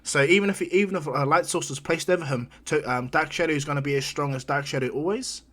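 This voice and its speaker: A man's voice: a little high, fast talker, fairly bright tone. A man casually retelling a fan-made story, rambling with many restarts and acting out the characters' lines.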